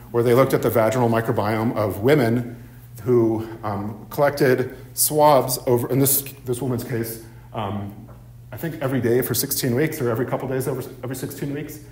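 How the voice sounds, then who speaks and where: A man's voice: medium pitch, a little mellow, a little hiss or hum. A male professor giving a seminar lecture, with many ums and repeated "right?" checks. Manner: frequent ums and tag questions of "right?". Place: university seminar room. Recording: echoey lecture room.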